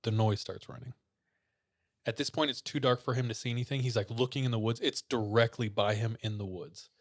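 Male host, relaxed storyteller, mid pitch, informal creepy-tale delivery. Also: fairly quick. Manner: relaxed storyteller, many "like" fillers. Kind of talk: casual storytelling of creepy tales.

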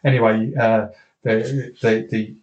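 A man's voice: on the low side, little pitch movement, takes it slowly, darkish tone, muffled recording. A man with a South East English accent, a boxing trainer telling rambling anecdotes with restarts and quoted dialogue. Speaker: boxing trainer, podcast guest. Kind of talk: casual storytelling. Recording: roomy echo, faint noise.

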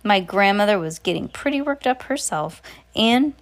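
A woman's voice: medium pitch, lively intonation, normal speed. A woman reading a novel aloud, with occasional slips and restarts. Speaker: reader.

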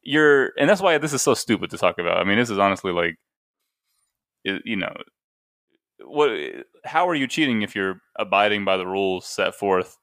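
A man's voice: on the low side, expressive, moderate pace, a bit bright, no room sound, studio quality. A man co-hosting a podcast, talking casually with rambling, joking restarts. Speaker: podcast co-host. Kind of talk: casual chat.

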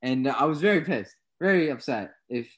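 A man's voice: medium pitch, lively intonation, normal speed. A young man co-hosting a casual podcast, telling work stories and acting out his own reactions with animation. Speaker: co-host.

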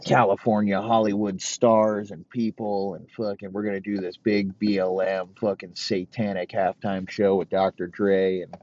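Deep-voiced man ranting crudely. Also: flat delivery, normal speed, hardly any pauses, darkish tone, no echo. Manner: crude, rambling, heavy swearing, mock outrage. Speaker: podcast host. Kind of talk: profane comedic rant. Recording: dull, dry lo-fi recording.

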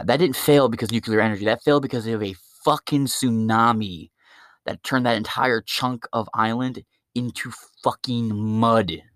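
A man's voice: medium pitch, no room sound, clean studio sound. A man hosting his own podcast, delivering a crude, profane, rambling stand-up style rant. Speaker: podcast host.

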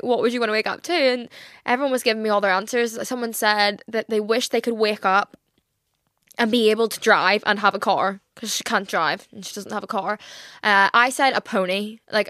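A woman's voice: medium pitch, fairly bright tone, no room sound. A young woman hosting her own podcast, talking in a candid, rambling way and swearing freely. She is teary and close to crying. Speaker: podcast host. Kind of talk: casual solo podcast chat.

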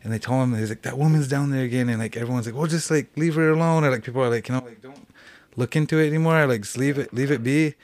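A man's voice: medium pitch, fast, a little mellow. A young man from a reservation telling ghost stories as a podcast guest, rambling casually with many fillers and restarts. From Cheyenne reservation, United States. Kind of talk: casual storytelling.

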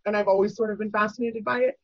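Husky-voiced woman telling her story. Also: mid-range voice, fast, no room sound, highs cut off. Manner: animated, acts out quoted voices, many fillers. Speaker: guest. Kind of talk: candid personal storytelling.

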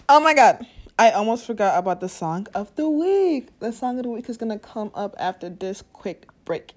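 A woman from Nigeria hosting a podcast, talking in a casual, candid, profane way, laughing often and leading affirmations. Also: medium pitch. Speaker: podcast host. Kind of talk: casual spiritual podcast monologue.

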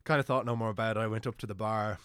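A man's voice: fairly low pitch, rapid-fire, clean tone, no room sound, studio quality. An Irish man, a singer and storyteller, telling an anecdote as a guest on a podcast. He talks casually, filling his sentences with "like.". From Ireland. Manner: animated anecdote telling with frequent "like" fillers and laughs.

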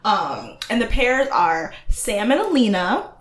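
A woman's voice: mid-range voice, big pitch swings, slow, roomy sound. A young woman co-hosting a podcast, chatting casually and giggling as she recaps a TV show. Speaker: podcast co-host.

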